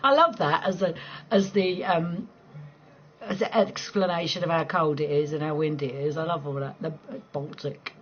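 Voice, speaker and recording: A woman in her forties chatting casually at night, quick to laugh and free with swear words. She rambles and restarts her sentences, and her voice comes through dull, lo-fi stream audio with a faint hiss of noise underneath. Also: low voice. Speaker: live stream host chatting with viewers. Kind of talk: casual late-night chat.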